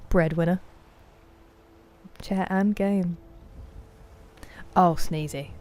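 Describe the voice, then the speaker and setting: A British woman chatting casually on a live game stream, thanking viewers and sometimes dropping into a soft whisper. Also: lowish voice, fairly even intonation, drawn-out words. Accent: British English.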